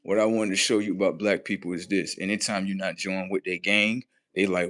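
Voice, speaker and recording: A man hosting a livestream, swearing heavily in a mocking rant that swings between loud high outbursts and low muttering. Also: little pitch movement, a little fast. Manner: heavy swearing, mocking, talks at the audience. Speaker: livestream host.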